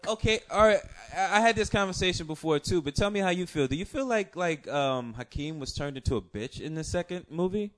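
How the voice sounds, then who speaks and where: A man's voice: high-pitched, lively intonation, a little fast, hardly any pauses. A man co-hosting a casual chat about movies, laughing often and swearing freely. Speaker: podcast co-host.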